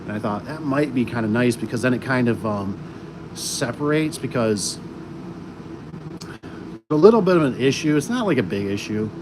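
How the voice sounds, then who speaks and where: A man's voice: medium pitch, animated, normal speed, pauses often. A man who installs garage doors chatting casually on a livestream, rambling with many fillers and restarts. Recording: noisy, with air conditioning and vehicle sounds.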